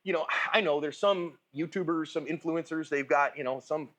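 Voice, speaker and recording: A man with a slightly higher-pitched voice gives casual firearms instruction at a shooting range. He keeps it informal and often tacks a quick "right?" or "okay?" onto the end of his points. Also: a bit bright.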